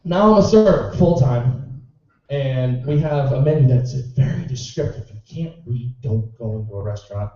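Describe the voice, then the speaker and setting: A man's voice: expressive, normal speed, dark tone, heavy reverb. A man performing a stand-up routine in a small club, telling stories in a sarcastic, exasperated way. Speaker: amateur stand-up comedian. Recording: boomy, distant, muffled club recording.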